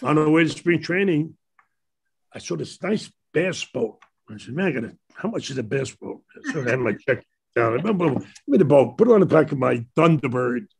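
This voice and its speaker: A man's voice: a little high, lively intonation, brisk, gravelly, husky. An older man with a Brooklyn accent, a talk show guest telling long, rambling stories and laughing often. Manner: rambling anecdotes with frequent laughter. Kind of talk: casual storytelling.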